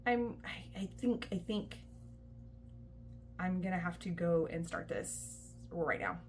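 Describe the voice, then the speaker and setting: A woman's voice: on the low side, animated, slow, a little hiss or hum. A young adult woman, a mom and book vlogger, chatting casually with lots of likes and ums. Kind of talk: casual vlog chat.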